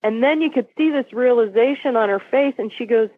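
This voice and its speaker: Woman guest, forties, lively storyteller acting out voices; tinny dry phone line. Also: a little high, brisk, no echo. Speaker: podcast guest. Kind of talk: storytelling in a podcast interview. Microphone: phone call.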